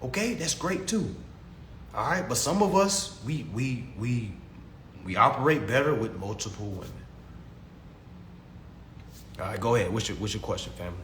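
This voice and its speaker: A man's voice: mid-range voice, expressive, normal speed, pauses often, a bit bright, reverberant, slight background noise. A man preaching to his livestream audience in a casual, slangy monologue, emphatic and given to repeating himself. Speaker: livestream host answering chat.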